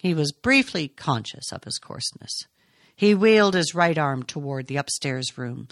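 A woman with a lowish voice reads a novel aloud in a measured, expressive way. Her intonation rises and falls widely, and the recording is dry and close, with no room sound. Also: no room sound. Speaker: audiobook reader. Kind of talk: scripted narration of a novel.

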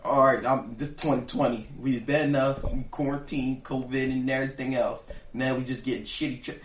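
A man talking as a podcast guest in casual chat, animated with loud bursts. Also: mid-range voice, brisk. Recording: echoey room, faint noise.

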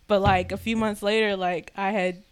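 A young woman telling a story in casual chat, animated and swearing, acting out what people said. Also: mid-range voice, moderate pace, clear, resonant tone. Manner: animated, swearing, acts out quotes.

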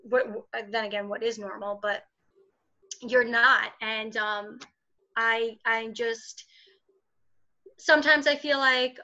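A woman with a bright, forceful voice talks openly and casually in an interview, her speech full of fillers. Her voice sits a little high. The recording is dull and lo-fi. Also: steady tone, unhurried, pauses often. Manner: candid, chatty, with frequent fillers. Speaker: interview guest. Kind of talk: casual conversation.

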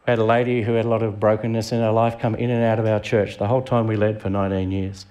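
This visiting preacher, a middle-aged Australian, keeps his sermon conversational and keeps asking the congregation questions. He talks at a quick pace in a low-ish, slightly mellow voice that barely shifts in pitch.

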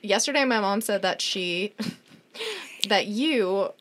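A woman's voice: medium pitch, lively intonation, slow pace, a bit bright. A young woman hosting a podcast, giving frank, chatty advice in casual talk. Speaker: podcast host. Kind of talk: casual chat.

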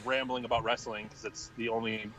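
A man's voice: medium pitch, little pitch movement, fairly quick, crowd noise, low-quality recording. A young man co-hosting a wrestling podcast in casual chat, rambling and laughing often as he talks. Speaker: podcast co-host.

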